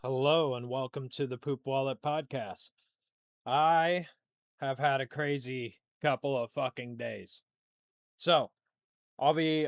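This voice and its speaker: A young man hosts a casual solo podcast, rambling and putting himself down, sinking into a mumble before turning emphatic. His voice is mid-range, and the sound is clean studio audio with no room sound.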